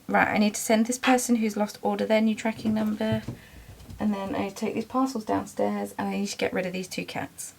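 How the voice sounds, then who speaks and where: A woman's voice: medium pitch, flat delivery, brisk, gravelly. Chatty lady rambling through her day on a craft vlog, lots of ums. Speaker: small business owner and vlogger.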